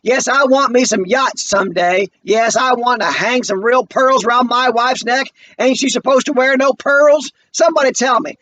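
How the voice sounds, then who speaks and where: A proud, desperate son voiced by a man reading the play aloud pleads in a strained, high voice that keeps climbing. The recording sounds slightly dull and lo-fi, as if captured on modest gear. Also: animated, fairly quick, a bit bright, far from the mic, heavily acted. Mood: pleading. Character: proud desperate grown son, bitter and breaking.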